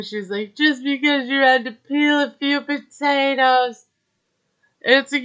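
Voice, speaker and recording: A woman's voice: fairly high pitch, sharp tone. A woman casually recapping a reality show, chatty and gossipy, with lots of filler words and judgmental asides.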